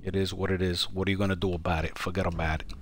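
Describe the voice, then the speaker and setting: A man's voice: low voice, flat delivery, rapid-fire, a little hiss or hum. A man giving live commentary on his own gameplay as he streams, cracking wise and repeating catchphrases. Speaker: game streamer.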